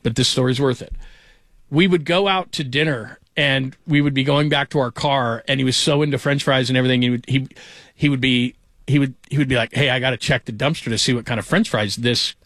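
A man hosts a sports talk radio show from a studio, chatting loosely and hopping from one story to the next. His voice sits at an ordinary middle pitch. The sound is dry, with no room echo. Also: brisk, fairly bright tone. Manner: rambling, chatty, jumps between stories.

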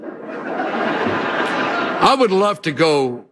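Animated, folksy male preacher. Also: on the high side, very slow, very noisy. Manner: animated storytelling, folksy humor. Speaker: pastor. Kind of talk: sermon.

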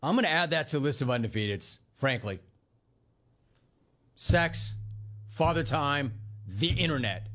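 Hosting a sports talk radio show, a man delivers an emphatic monologue, repeating lines for effect and addressing the listener directly and bluntly. His voice is on the high side and a bit bright, with lively intonation, a measured pace and long pauses.

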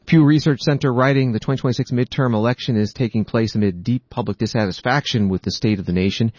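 Male anchor, low voice, measured newsreading, dry and slightly muffled. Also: darkish tone, no room sound. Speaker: news anchor. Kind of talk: scripted news narration.

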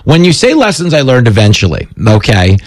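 A man's voice: medium pitch, huge pitch swings, a little fast, no echo. A middle-aged man hosting a talk show, chatting casually with a guest and joking at his own expense. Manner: joking, self-deprecating banter. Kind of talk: casual interview chat.

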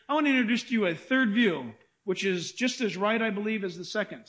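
Middle-aged male preacher, very high voice, animated sermon delivery, plays out quotes. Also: fairly quick. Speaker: pastor.

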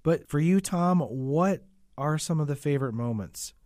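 A man's voice: a little high, animated, moderate pace, a little mellow, no echo, clean studio sound. A man interviewing a guest on the radio, asking earnest questions with a playful touch. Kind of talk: on-air interview.

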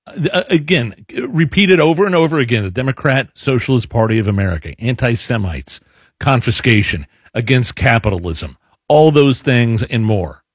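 A man's voice: medium pitch, animated, moderate pace, slightly rough, no room sound. Middle-aged male host, blunt and exclamatory, dry studio sound. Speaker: radio show host. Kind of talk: casual talk radio banter.

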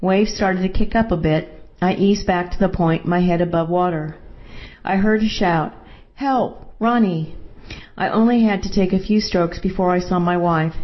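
A woman narrating a first-person story in a steady, measured way. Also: on the low side, dull audio.

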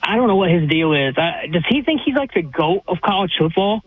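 A man's voice: sits high, expressive, brisk, no room sound. A man calling in to a sports radio show, giving his opinions in a blunt, dismissive way. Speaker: caller. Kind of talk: call-in sports talk radio. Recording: tinny phone line, dry.

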